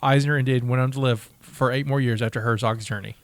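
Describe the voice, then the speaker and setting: A man's voice: medium pitch, steady tone, fast, no echo. A man co-hosting a podcast, reading out trivia with eager stumbles and laughs in casual chat. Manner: enthusiastic, reads facts aloud with stumbles and laughs. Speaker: podcast co-host.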